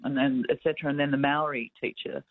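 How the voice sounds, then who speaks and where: A woman's voice: rumbling low, steady tone, fast talker, dry recording. A woman calling in to a radio show, chatting enthusiastically about singing teachers. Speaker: caller. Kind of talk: casual radio call. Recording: tinny phone line.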